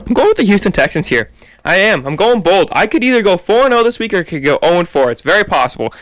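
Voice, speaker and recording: Casual podcast co-host: man, high voice, confident and chatty, dry close sound. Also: sing-song, quick pace, fairly bright tone, no echo. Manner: confident, opinionated, talks in long runs. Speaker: co-host making sports picks. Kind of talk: casual sports podcast chat.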